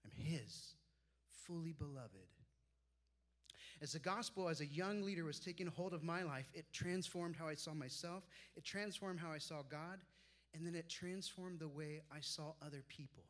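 Man preaching, warm storytelling. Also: moderate pace. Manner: personal storytelling, drops soft and low for quoted mentors. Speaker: pastor. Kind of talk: sermon.

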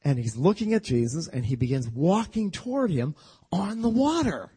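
Male preacher, husky, animated and humorous, tells scripture as a vivid story. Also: a little high, normal speed. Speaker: Bible teacher. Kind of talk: storytelling sermon.

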